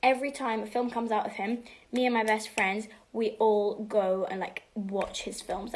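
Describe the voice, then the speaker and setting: Speaking at a moderate pace with a medium pitch and level tone, a teenage girl chats on a home livestream, taking fan questions in both English and Spanish. Sometimes she falls to a soft half-whisper. The setting is a room at home, with slight background noise.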